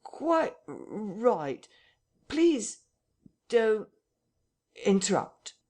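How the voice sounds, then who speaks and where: A man's voice: very high voice, very animated, measured pace, pitched above the performer's own voice, heavily acted. A flustered village vicar, put on by a male audiobook reader, his voice pushed well above the reader's own and thinned into an odd, unfamiliar timbre. He protests in jerky, strained bursts, audiobook storytelling style.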